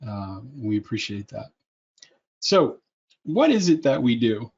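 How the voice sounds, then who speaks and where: A man's voice: mid-range voice, big pitch swings, a little slow, darkish tone, slightly rough. A man presenting a webinar in a persuasive, salesy way, with joking asides, over a computer mic. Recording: muffled lo-fi audio.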